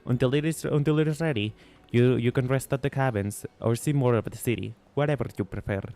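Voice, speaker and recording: A man with a Mexican accent reading a calm game guide character aloud in a measured, formal way. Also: medium pitch, soft background music, lightly acted.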